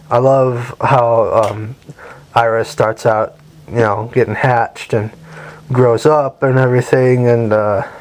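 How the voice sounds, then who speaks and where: A young man giving a rambling, enthusiastic spoken movie review, swearing casually as he goes. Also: medium pitch.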